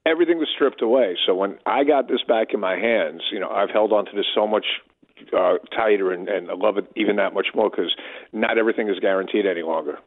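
A man's voice: on the low side, quick pace. A man in his sixties, a touring band member, chatting in a phone interview, telling stories and acting out dialogue. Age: 60s. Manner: storytelling, chatty, acts out dialogue. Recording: tinny phone line.

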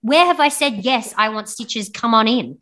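A woman's voice: on the high side, normal speed. Frank young woman telling a story. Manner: animated, frank storytelling with swearing and laughs. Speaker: podcast guest. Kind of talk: casual storytelling interview.

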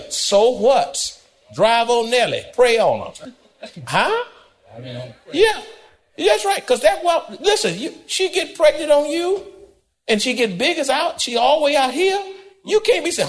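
A man preaching a sermon as pastor, folksy and direct with the congregation, swinging between high and low and sometimes shouting. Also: very animated, measured pace.

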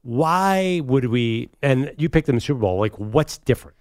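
A man co-hosting a sports talk radio show, animated and quick to argue a point. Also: mid-range voice, clean tone, dry recording, clean studio sound.

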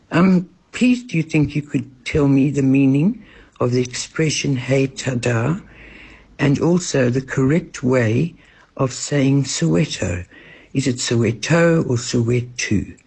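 Gravelly man, polite voice note. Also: mid-range voice, measured pace, darkish tone. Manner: polite, friendly. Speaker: listener leaving a voice note.

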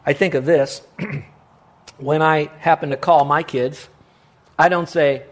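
Guy preaching a sermon, kinda high voice, punchy and emphatic, lots of "what?" questions to the crowd. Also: steady tone. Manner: emphatic preaching with rhetorical questions and dramatic pauses. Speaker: pastor.

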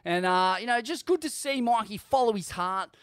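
High-voiced sweary Australian man. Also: moderate pace, smooth, no room sound, studio quality. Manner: rambling, sweary, animated. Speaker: podcast co-host. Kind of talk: casual chat.

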